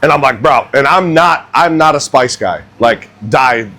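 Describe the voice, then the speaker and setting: A young man who cooks at a barbecue restaurant, telling a funny story in a casual, animated, self-mocking way as he works in the kitchen. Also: mid-range voice, unhurried. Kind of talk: casual storytelling while cooking.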